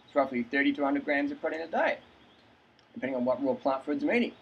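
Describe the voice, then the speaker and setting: A man's voice: a little high, lively intonation, fast, slightly rough, muffled recording. A man telling a story in a casual vlog, acting out both sides of the conversation and laughing often. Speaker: fitness vlogger.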